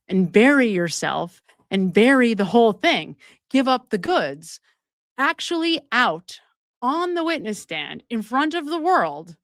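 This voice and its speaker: A woman's voice: medium pitch, dry recording, studio quality. A woman hosting a true-crime commentary livestream, talking emphatically and often checking in with viewers through rhetorical questions. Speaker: show host.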